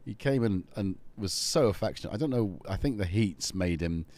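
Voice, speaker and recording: Man, lower voice, bouncy pitch, rambling live-stream chat. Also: lively intonation, normal speed, darkish tone. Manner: rambling, chatty, talks to his cat and viewers.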